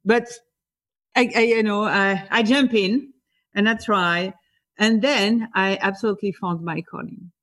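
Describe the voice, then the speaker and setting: A woman's voice: mid-range voice, steady tone, a little slow, fairly bright tone. A woman from France with a French accent, answering interview questions eagerly and often repeating small words over a remote call. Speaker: guest, executive leadership coach.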